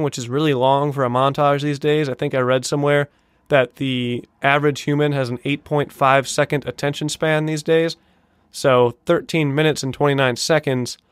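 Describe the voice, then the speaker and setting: A young man hosting a video-game montage reaction, talking casually, swearing often and bursting out in excited disbelief. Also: mid-range voice, smooth, dry recording, clean studio sound. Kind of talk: casual gaming reaction commentary.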